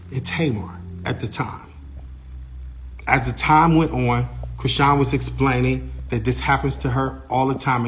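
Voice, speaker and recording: A man telling a story in the first person in a casual way, animated, acting out what others said and using lots of "like" fillers. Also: medium pitch.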